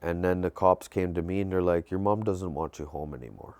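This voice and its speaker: A man calmly recounting personal memories in an interview. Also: brisk. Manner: low-key, reflective, with small laughs. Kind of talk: personal storytelling.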